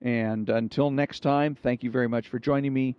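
A man tells jokes and stories in a relaxed, conversational way, with a voice of middle pitch. The recording is dull and muffled, with no room sound. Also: normal speed, smooth, dry recording. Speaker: storyteller host. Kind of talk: joke and anecdote telling.

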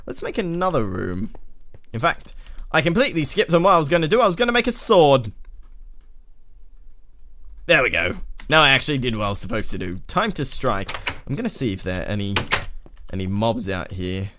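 A man's voice: medium pitch, sing-song, fairly quick, pauses often, sharp tone. Australian man in a put-on British accent. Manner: chatty, rambling, talks to game mobs. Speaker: let's play host. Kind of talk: gaming commentary. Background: keyboard typing and clicks.

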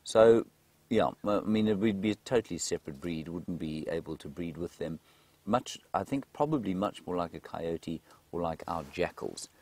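A low, gravelly male voice, guiding a live safari from a vehicle out in the bush. He chats easily through viewer questions and goes hushed and excited when the animals show. The tone is husky and deep. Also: moderate pace. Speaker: safari guide presenter. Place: outdoors in a game vehicle in the bush.

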